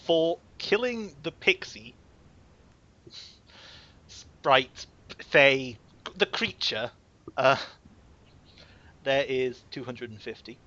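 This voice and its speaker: A man's voice: medium pitch, very animated, very slow, pauses often, sharp tone, lo-fi sound. A man running a tabletop game as game master, talking in a rambling, playful way with lots of fillers.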